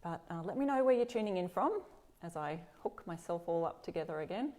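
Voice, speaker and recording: A middle-aged Australian woman hosting a casual DIY live stream from her home workshop, chatty and greeting viewers by name, a little stuffy and clearing her throat. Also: fairly low pitch, expressive, brisk, darkish tone. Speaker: DIY craft host.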